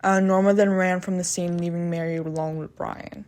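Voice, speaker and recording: Woman with a lowish voice telling true crime bluntly. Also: fairly even intonation, normal speed, darkish tone. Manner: blunt, profane asides between retelling facts; hesitant, with frequent restarts and "um". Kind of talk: casual true crime narration.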